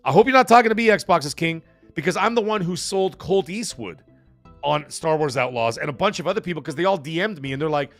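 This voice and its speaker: A man hosts a casual live stream, reading out chat messages in a quick, rambling patter full of fillers and false starts. His voice sits a little on the high side for a man. Soft music plays faintly underneath. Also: lively intonation. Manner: fast-talking, rambling, lots of fillers and restarts. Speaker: livestream host reading chat.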